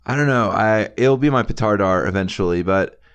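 A man's voice: on the low side, brisk, smooth. A man co-hosting a casual podcast, laid-back and slangy, leaning on filler words. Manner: laid-back, slangy, says "dude" and "like" a lot. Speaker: podcast co-host. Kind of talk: casual chat reviewing a TV show.

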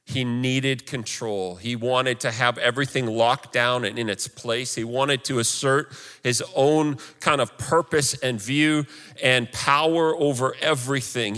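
A man's voice: mid-range voice, a bit bright, clear, resonant tone, big-room sound. A male pastor preaching a sermon in an earnest, conversational way.

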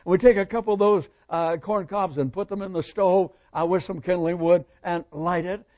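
An older man preaching a sermon with fervent emphasis, repeating phrases and swinging between loud and soft. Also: high-pitched, moderate pace, lo-fi sound.

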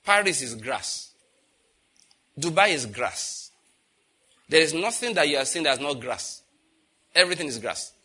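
A man preaching a sermon emphatically, asking the congregation questions and swinging from loud declarations to quiet intensity. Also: on the high side, sing-song, measured pace, pauses often, breathy edge. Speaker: pastor.

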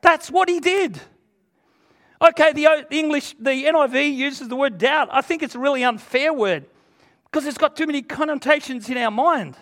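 A man's voice: very high-pitched, brisk, a bit bright. A man preaching a sermon to a congregation, earnest and emphatic, retelling scripture in everyday speech.

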